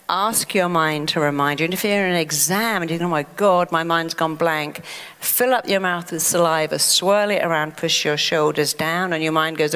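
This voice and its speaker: A middle-aged English woman giving a motivational talk as a therapist, animated and acting out panicky inner voices. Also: medium pitch. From England. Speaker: therapist and speaker. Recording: long hall reverb.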